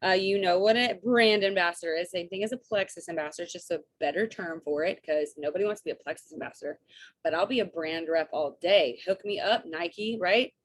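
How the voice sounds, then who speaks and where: A woman, coaching her sales team on a video call in an energetic, chatty way and often checking in with "right?" and "okay?". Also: fairly low pitch, fast. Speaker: network marketing coach.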